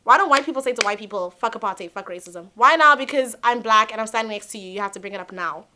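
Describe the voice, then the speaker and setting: A young woman telling a personal story to camera, animated, blunt and emphatic, swearing at times. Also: on the high side, quick pace. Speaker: vlogger.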